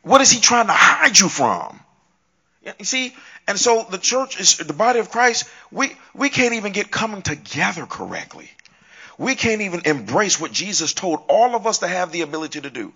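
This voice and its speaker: A man's voice: high-pitched, big pitch swings, moderate pace, creaky, bright, forceful tone, husky. A man co-hosting a Christian talk show, preaching with emphatic, punchy repeated lines.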